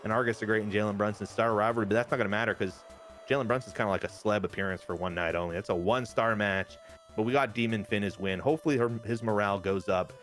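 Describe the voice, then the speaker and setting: A young man talks through a wrestling management game. He is excitable and quick with jokes. His speech is casual and a little profane. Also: lowish voice, faint music behind. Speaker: game commentator.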